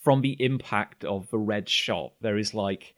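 A man narrating a tabletop game as game master, in a casual, halting way with many fillers. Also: lowish voice.

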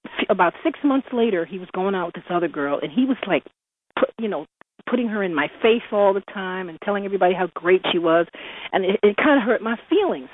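A woman's voice: medium pitch, expressive, fast talker, slight background noise. A woman in her thirties calling in to a radio show, telling a personal story with animation and frequent laughter. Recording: tinny phone line.

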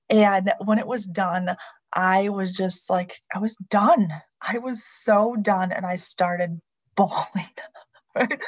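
A woman in her thirties with a fairly high voice candidly tells a personal story, laughing often and animatedly acting out her inner voice. The recording is rough.

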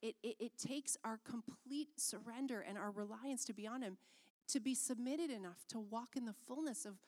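A woman's voice: a little high, normal speed, a little mellow. A woman speaking sincerely in a conversational Christian talk, repeating words for emphasis.

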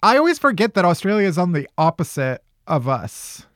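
A man's voice: high voice, big pitch swings, a little fast, fairly bright tone, dry recording, clean studio sound. A man hosting a podcast, chatting and joking with many "like" fillers. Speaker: podcast host. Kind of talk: casual comedic podcast chat.

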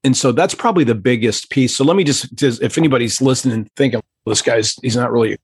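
A man's voice: mid-range voice, quick pace, husky, no echo. A man earnestly telling an emotional personal story as a podcast guest, then explaining a prayer practice. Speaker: podcast guest, pastor trainer. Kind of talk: conversational storytelling.

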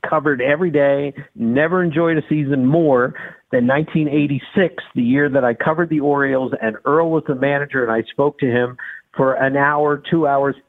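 A man in his sixties, a guest telling stories in an excited, animated way, heard over a phone-like line. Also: normal speed. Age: 60s. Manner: excited, with wide pitch swings. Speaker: guest, baseball reporter. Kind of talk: animated storytelling. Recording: phone-like narrow sound.

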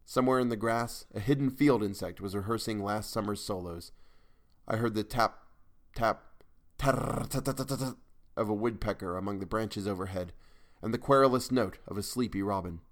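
A man reads a first-person story at an unhurried, even pace. His voice sits on the lower side and stays composed through each sentence. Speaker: audiobook narrator. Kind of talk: scripted narration of a short story.

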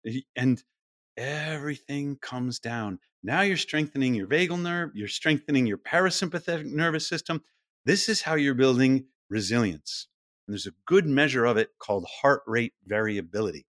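A middle-aged man, a podcast guest, explaining things in a lively interview style and now and then acting out quoted voices. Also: medium pitch, moderate pace, no echo, studio quality.

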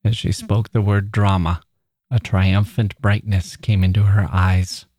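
Low-voiced man reading a story, dry sound. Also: little pitch movement, a little slow, darkish tone, no echo. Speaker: podcast host reading a short story.

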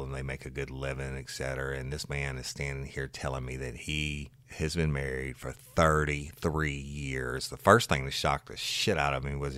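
A man, a former patrol deputy, telling a story from one of his calls in a blunt, animated way and swearing freely. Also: extremely low pitch, no echo. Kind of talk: casual true-crime storytelling.

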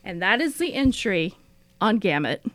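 A woman's voice: mid-range voice, big pitch swings, a little slow, no room sound, clean studio sound. A woman co-hosting a podcast, animatedly retelling a story and reading a diary entry aloud, laughing often. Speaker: podcast co-host.

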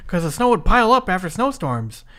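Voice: medium pitch, big pitch swings, a little fast, fairly bright tone. A podcast co-host in their thirties, from Minnesota, recapping a wrestling match in casual chat, swearing freely and talking with lots of likes and restarts.

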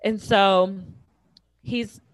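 A woman in her thirties telling a personal story in casual chat, acting out quoted lines with lively jumps in pitch. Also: drawn-out words, dry recording. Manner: animated, acts out quotes with big pitch jumps.

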